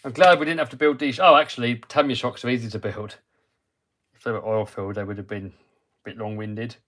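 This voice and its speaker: On a casual livestream, a UK man hosting an RC hobby channel builds a model truck, talking himself through each step and answering viewers. His medium-pitched voice is a bit bright, fairly even in intonation, and a little fast.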